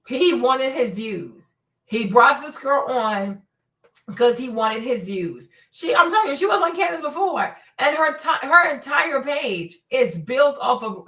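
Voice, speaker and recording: A woman's voice: a little high, fairly bright tone. A woman hosting a streamed commentary show, talking emphatically and repeating words for stress. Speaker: host.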